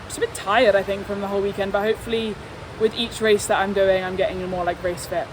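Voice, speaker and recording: A young woman, a swimmer vlogging at a competition, chats to her handheld phone camera in a casual, giggly, hyper way. Her mid-range voice has a flat delivery and a quick pace. She's indoors around a hotel and pool area, with background noise and ambience in the recording.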